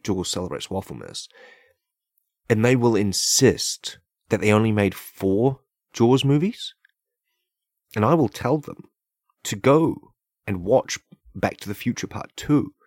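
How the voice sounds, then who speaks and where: A man's voice: fairly low pitch, expressive, unhurried, darkish tone, dry recording, clean studio sound. A man hosting a podcast, riffing through a long comedic monologue full of "like" and "right?", praising absurd ideas in a mock-earnest, tongue-in-cheek way. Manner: loose, filler-heavy riffing with many "like" and "right?". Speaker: podcast host. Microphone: podcast microphone.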